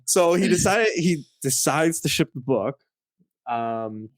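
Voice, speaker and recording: A man's voice: on the high side, slow, no room sound. A man, a guest on a studio podcast, telling a long personal story in casual chat, full of "like" and acted-out quotes. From Canada. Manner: animated storyteller, fills speech with "like", acts out quoted lines. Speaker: podcast guest, comic collector.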